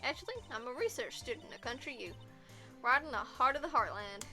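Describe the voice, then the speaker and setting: A woman's voice: a little high, lively intonation, a little fast, soft background music. A woman reading a brash, folksy female photographer in a put-on American Southern drawl. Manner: folksy, loud, boastful.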